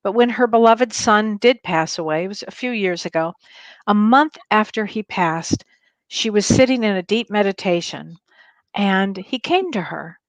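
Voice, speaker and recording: A woman's voice: mid-range voice, moderate pace, no room sound. A woman co-hosting a livestream talk show, sharing a story in an earnest, eager way. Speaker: co-host. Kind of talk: casual chat on a livestream show.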